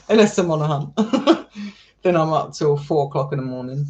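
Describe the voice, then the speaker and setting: A man's voice: on the high side, lively intonation, normal speed, darkish tone. A man chatting casually with his live stream viewers, affectionate and talkative, calling people darling and sweetheart. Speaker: live streamer and paranormal explorer.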